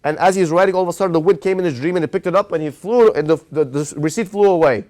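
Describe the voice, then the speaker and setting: Fast-talking, high-voiced rabbi telling a story. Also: male voice. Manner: animated storyteller who quizzes his audience. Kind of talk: storytelling Torah class.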